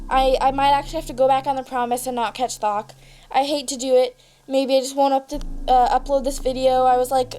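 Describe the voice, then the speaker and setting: A woman's voice: high voice, steady tone, a little fast, a little mellow, clear, resonant tone, faint music behind. A young woman hosting her gaming channel, chatting through a card game in a bubbly, rambling, jokey way. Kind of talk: casual game commentary.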